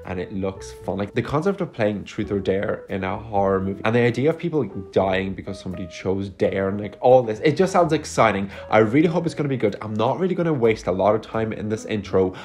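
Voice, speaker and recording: A man's voice: on the low side, expressive, a little fast, hardly any pauses, a little mellow, faint music behind. A man giving a casual, rambling and sarcastic movie review into a phone mic at home. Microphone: phone microphone.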